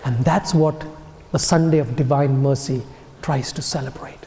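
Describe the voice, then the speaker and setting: A man, a priest, giving a homily as an earnest storyteller whose phrases soften and fall away at their ends. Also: medium pitch, fairly even intonation, normal speed, a little hiss or hum. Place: church. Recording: echoey church with long reverb.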